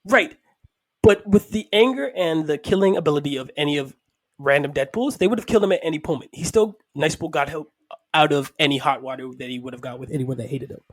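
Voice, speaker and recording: A man co-hosting a podcast, chatting excitably about a film, swearing freely and laughing often. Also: on the high side, fast. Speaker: podcast co-host. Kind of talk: casual film review chat.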